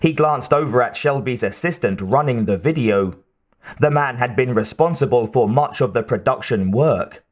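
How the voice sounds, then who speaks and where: A man narrating an audiobook in a measured, steady way. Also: mid-range voice. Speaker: audiobook reader.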